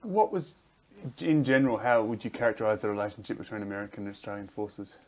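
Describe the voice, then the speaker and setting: A male interviewer asking halting, hesitant questions in an oral history interview. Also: fairly low pitch, a little mellow.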